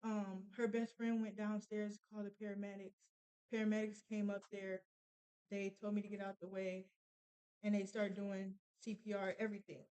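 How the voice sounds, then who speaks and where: Young woman w/ aave recounting something rough, lots of ums and restarts, clean smooth tone. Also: mid-range voice, little pitch movement, dark tone, poor audio. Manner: emotional, halting, many fillers and restarts. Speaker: podcast guest telling a personal story. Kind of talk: casual storytelling.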